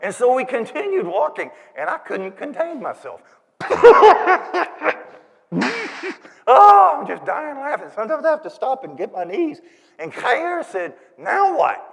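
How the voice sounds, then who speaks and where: A man performing a first-person monologue as a humble, giggly shepherd in a church service, an animated storyteller who stammers and laughs. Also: high voice, moderate pace, gravelly, exaggerated voice. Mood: giggling. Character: humble, giggly old-time male shepherd. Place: church sanctuary. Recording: reverberant church hall.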